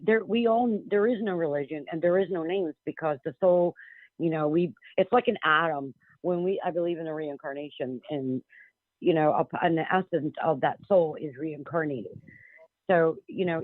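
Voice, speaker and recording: A woman phones in to a radio interview as a psychic medium guest, speaking bluntly and emphatically with frequent restarts. Her voice sits low, and the dry recording comes through a tinny telephone line.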